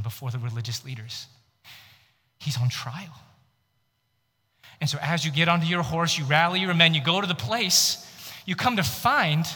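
A man preaching a sermon that retells the story vividly in the second person, shifting between loud and hushed delivery. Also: fairly high pitch. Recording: long hall reverb.

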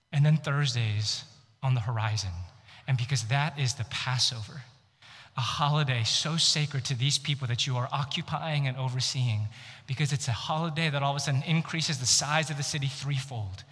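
A man preaching a sermon that retells the story vividly in the second person, shifting between loud and hushed delivery. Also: medium pitch, husky. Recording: long hall reverb.

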